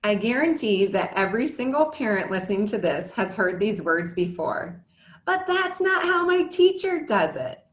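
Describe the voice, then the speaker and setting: Here an ex-teacher and mother in her thirties presents a prepared talk to parents, her medium-pitched voice fairly bright and the room audibly spacious. Her delivery is earnest and scripted, with candid remarks slipped in.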